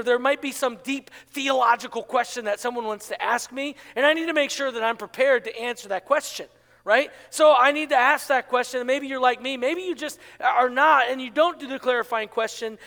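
High, bright-voiced man preaching a sermon. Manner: animated, acts out inner voices, asks the congregation along. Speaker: pastor. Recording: long hall reverb.

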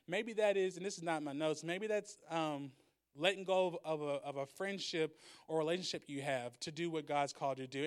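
Young guy preaching casually, high clear voice, acts out the characters. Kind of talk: casual sermon storytelling.

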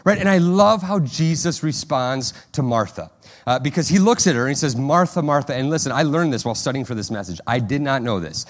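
A man preaching a sermon in a loose, conversational way, sprinkling in asides and restarting his sentences. He acts out quotes with animated emphasis. His voice sits in a middle pitch. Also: fairly quick. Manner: animated, acts out prayers and quotes in a higher, louder voice. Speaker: pastor.

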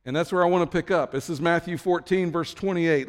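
A man preaching a sermon, telling the story with lively swings from low, quiet asides to high, excited bursts. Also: brisk, in a large hall. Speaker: pastor.

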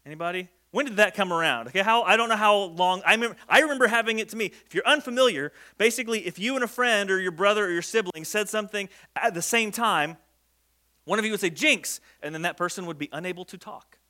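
A man's voice: high voice, fast talker, pushed and bright. A man preaching a conversational sermon, joking and acting out the people in the story. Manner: conversational, jokey, acts out quoted speech. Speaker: pastor.

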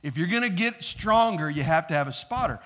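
Pastor, male, high and bright voice, animated storyteller who acts out the shouts. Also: brisk. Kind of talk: sermon.

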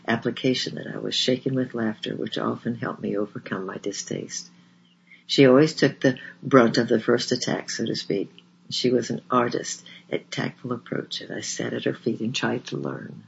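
A man reading a memoir aloud in a measured, earnest way, in a slightly dull lo-fi recording. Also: mid-range voice, gravelly, slight background noise. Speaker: audiobook narrator.

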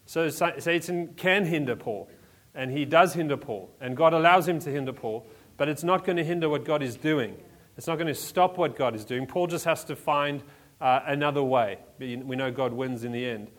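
Conversational male pastor, slightly high voice. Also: normal speed, a bit bright. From South Africa. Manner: conversational, restarts often, many fillers. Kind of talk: sermon.

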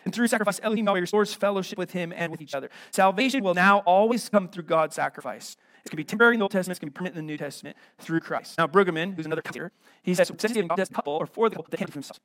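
A middle-aged American pastor preaching a sermon, emphatic and full of rhetorical questions. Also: male voice, sits high, rapid-fire, fairly bright tone, no echo.

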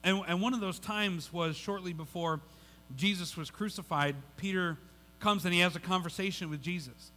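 A male pastor gives a sermon in a relaxed, conversational way, repeating words and restarting sentences as he goes. His voice sits high and bright. It carries through a large hall with a long, lingering reverb. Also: moderate pace.

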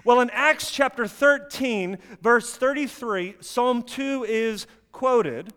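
A man preaching a sermon, emphatic at times and dropping to quiet intensity. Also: very high-pitched, long reverb tail.

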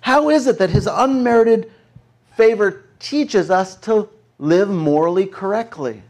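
A man, a pastor, preaching a sermon in a conversational, animated storytelling way. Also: high-pitched, measured pace.

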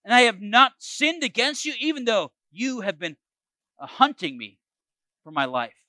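A man reading as a young male warrior on the run, earnest, pleading, high and lively voice, bright, dry close sound. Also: normal speed, no room sound, exaggerated voice.

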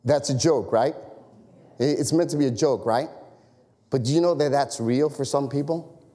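A man preaching a sermon as pastor, animated and conversational, full of rhetorical questions. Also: medium pitch, normal speed, long reverb tail.

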